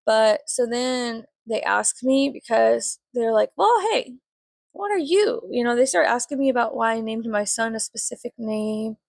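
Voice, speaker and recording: Woman vlogger, storytime while doing makeup; slightly high voice with vocal fry, swears a lot, rambles. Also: flat delivery, normal speed, few pauses, no room sound. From Mexican family. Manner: chatty, swears often, filler-heavy, rambling.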